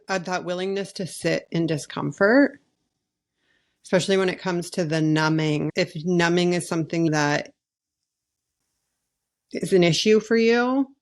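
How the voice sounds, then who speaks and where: Gravelly-voiced woman podcast co-host. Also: lowish voice. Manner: agreeable, reflective. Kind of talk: casual podcast conversation.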